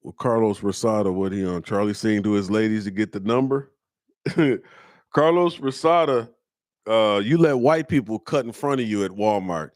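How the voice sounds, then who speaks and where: A man's voice: on the low side, normal speed, a little mellow, no room sound, studio quality. A man hosting his own comedy show, roasting viewers' comments in loose slang and breaking into laughter. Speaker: comedian host.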